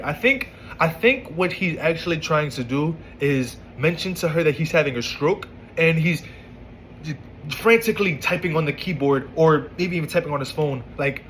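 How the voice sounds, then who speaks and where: A man's voice: fairly high pitch, lively intonation, a little fast, fairly bright tone, slight background noise, low-quality recording. Exasperated man reacting to texts. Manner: exasperated, stammering restarts, incredulous. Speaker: commentator reading text messages. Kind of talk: casual reaction commentary.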